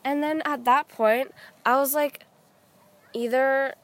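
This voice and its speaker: High-voiced teen girl telling a quick story. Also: steady tone, a bit bright. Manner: quick, self-narrating storyteller. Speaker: podcast co-host. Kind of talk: casual chat with friends. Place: outdoor public park.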